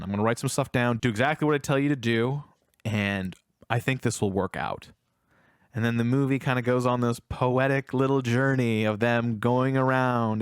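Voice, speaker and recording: Male podcast co-host, mid-pitch, retells film scenes and acts out lines, dry close mic. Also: clear, resonant tone, no room sound. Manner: retells scenes at length, acting out the characters' lines. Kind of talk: casual film review chat.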